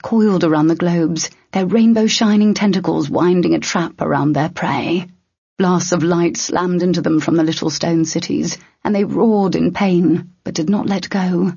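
An audiobook narrator reading fantasy in a steady, measured way, with a husky tone at a mid pitch. The recording is dry and close, slightly dull and lo-fi. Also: no room sound. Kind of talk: scripted narration.

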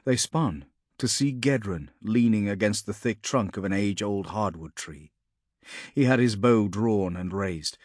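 A man narrating a fantasy audiobook in a steady, measured storytelling manner. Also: lowish voice, no room sound, studio quality.

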